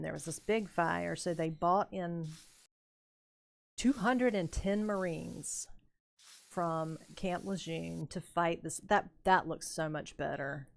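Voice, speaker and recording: An older woman streaming a building game, telling rambling, unhurried stories about her youth with plenty of fillers and chuckles. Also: lowish voice, vocal fry. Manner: rambling, unhurried anecdotes with frequent fillers and laughs. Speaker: gaming streamer. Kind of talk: casual storytelling while building in a game.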